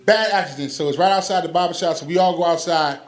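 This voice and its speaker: A man's voice: on the high side, fast talker. A man doing a stand-up comedy set, telling stories animatedly and acting out quoted voices.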